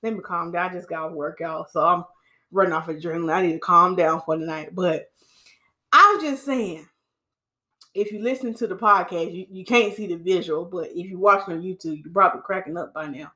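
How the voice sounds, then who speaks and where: A woman hairstylist gives casual hair-care advice to her listeners. She is animated and preachy, repeats her points and calls her audience sis. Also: lowish voice, moderate pace. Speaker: hairstylist and podcast host.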